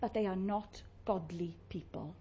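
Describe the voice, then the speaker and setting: A woman preaching a sermon, chatty and warm-humoured, often asking the congregation questions and laughing. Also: medium pitch, steady tone, unhurried, dull audio, slight background noise.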